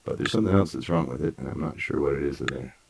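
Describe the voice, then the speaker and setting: A man teaching an English grammar lesson, repeating words slowly and breaking sentences into parts. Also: rumbling low, vocal fry, background noise. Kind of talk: slow, deliberate grammar lesson.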